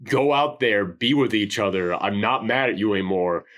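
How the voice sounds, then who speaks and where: A man's voice: lowish voice, normal speed, fairly bright tone. A man co-hosting a casual movie review podcast, acting out quotes from the film in dramatic voices. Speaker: podcast co-host.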